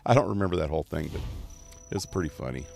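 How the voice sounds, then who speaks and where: A man giving casual gameplay commentary on a live stream, relaxed and rambling, coughing often. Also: very deep voice, quick pace, creaky, faint music behind. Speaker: game streamer.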